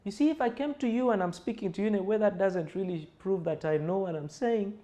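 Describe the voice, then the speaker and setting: A young adult man, teaching public speaking in an animated lecture and acting out sample tones. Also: high voice, brisk, hardly any pauses, lo-fi sound. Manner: animated, acts out example voices and tones. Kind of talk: lecture-style speaking class.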